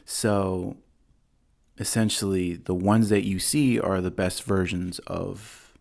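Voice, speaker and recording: A male podcast host talks through a movie at an unhurried crawl. His low voice carries a gravelly fry, and he rambles with fillers and little chuckles. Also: fairly even intonation, a little mellow. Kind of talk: casual movie-review chat.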